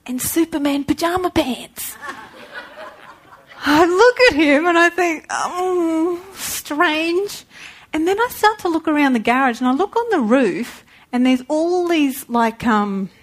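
A woman telling a lively personal story to a church audience, acting out the people in it. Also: high voice. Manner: animated, acts out the people in her story. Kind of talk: storytelling sermon.

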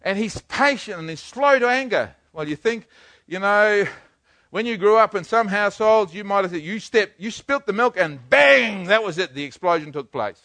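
An older man preaching a sermon, swinging from hushed to loud. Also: high-pitched, animated, moderate pace, dry recording. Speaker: pastor.

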